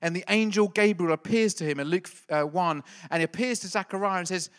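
Male pastor, middle-aged, playful teasing delivery, tense bright tone. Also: high-pitched, fairly quick, few pauses, clean tone. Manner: playful, jokey, quizzes the congregation. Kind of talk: lively church talk with a quiz.

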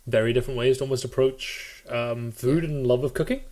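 A young man co-hosting a casual podcast, throwing in quick jokes and laughing often. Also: medium pitch, steady tone, a little mellow. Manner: quick jokey asides, frequent laughter. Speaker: podcast co-host. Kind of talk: casual chat.

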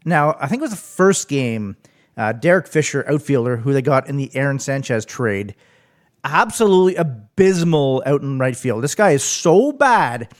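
A man co-hosting a casual sports podcast, telling stories in an animated way. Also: medium pitch, normal speed. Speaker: podcast co-host.

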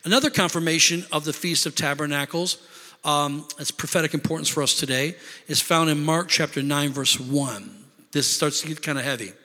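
A man's voice: on the high side, normal speed, sharp tone. A man preaching a sermon as pastor, calling for amens and asking the congregation to respond. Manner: preaching with call-and-response asides. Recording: long reverb of a large hall.

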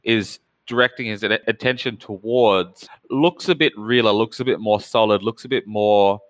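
A man's voice: on the low side, moderate pace, no room sound. A man running a tabletop game as game master, describing scenes in long runs of detail. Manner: descriptive, fond of lists of details. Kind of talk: improvised tabletop game narration.

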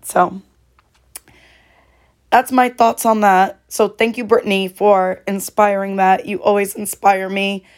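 A woman speaks slowly and thoughtfully in a solo podcast monologue. Her voice is hoarse and catches at times, and her pitch sits in a middle range. She sounds sincere and reflective as she talks. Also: little pitch movement. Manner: slow, heartfelt and reflective. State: hoarse, voice cracking. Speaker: podcast host.

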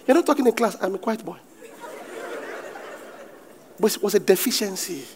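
A middle-aged man with a Nigerian accent, preaching a sermon as a pastor with animated delivery and bursts of shouting. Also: high voice, moderate pace, crowd noise, noisy background.

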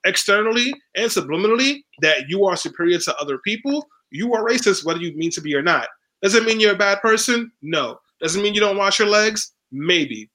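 A man's voice: sits high, sharp tone, rough recording. A man speaking as a panel guest in a sarcastic, provocative and punchy way. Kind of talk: casual panel discussion.

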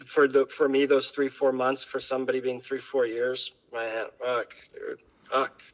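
A man's voice: mid-range voice, completely flat delivery, a little slow, muffled recording. A man chatting candidly as a podcast guest, rambling and full of fillers. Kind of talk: casual chat.

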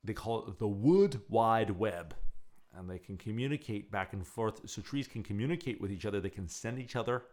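A man's voice: fairly low pitch, normal speed. A man hosting his own radio show, talking casually and acting out scenes as he tells stories. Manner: animated storyteller who acts out scenes.

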